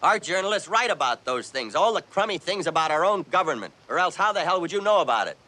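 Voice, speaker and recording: A man's voice: high voice, sing-song, fast, exaggerated voice. An actor playing an indignant American male journalist in a film clip. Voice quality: forceful, indignant.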